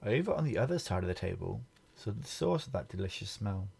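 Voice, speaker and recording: A man reading a children's picture book aloud in a gentle way, pointing out the pictures to the listener. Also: fairly low pitch, very animated, fairly quick, vocal fry, breathy edge. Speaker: storybook reader.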